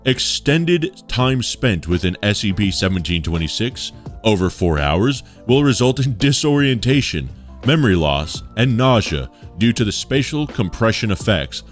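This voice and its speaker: A man's voice: fairly low pitch, big pitch swings, moderate pace, soft background music. A man reading articles aloud on a livestream, chatty, with asides to his chat.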